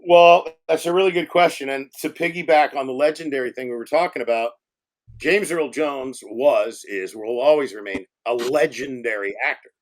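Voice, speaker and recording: A man who directs films shares animated anecdotes during an informal interview, peppering them with profanity and voicing other characters himself. His pitch is medium and his pace moderate.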